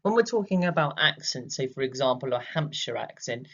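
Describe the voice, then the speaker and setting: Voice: medium pitch, expressive, a little fast, muffled recording. A drama teacher giving a recorded lesson, explaining patiently with many fillers and acting out examples.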